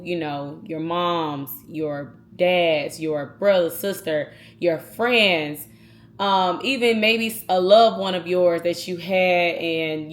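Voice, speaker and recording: A woman talking casually and earnestly to her viewers in a vlog, speaking straight to them. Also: on the low side. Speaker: vlogger.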